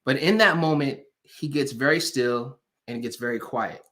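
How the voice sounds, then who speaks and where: A man giving an animated motivational talk to a live online audience, preacher-like, repeating phrases for emphasis and asking viewers for hearts and comments. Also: mid-range voice, normal speed. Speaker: motivational speaker.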